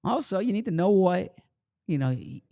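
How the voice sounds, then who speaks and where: A man's voice: high-pitched, very animated, normal speed, creaky, warm tone. A man with a slight Philadelphia accent co-hosting a sports podcast, talking casually and explaining things with frequent restarts. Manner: conversational, explains with repeats and restarts. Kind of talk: casual chat.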